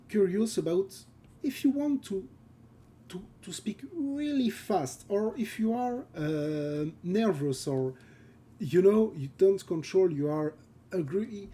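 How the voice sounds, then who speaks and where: A man's voice: sits high, animated, slow, long pauses, mellow, slightly rough. A man with a French accent chatting casually while drawing on a live stream. He halts, searches for English words and laughs often. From France. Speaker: concept artist streaming live.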